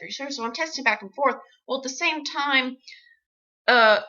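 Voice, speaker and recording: A woman with a bright, crisp voice recounting her own misadventure as an actress. She tells it in an animated, wry way, full of sarcastic asides. The sound is muffled and lo-fi. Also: mid-range voice. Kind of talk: comic personal storytelling.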